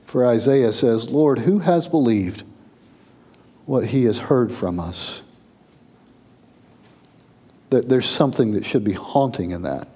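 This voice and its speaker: A man preaching a sermon, reading scripture aloud and swinging between raised, urgent passages and low, quiet ones. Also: expressive, takes it slowly, long pauses, husky. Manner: reads scripture aloud, rising in intensity then dropping low. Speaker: pastor.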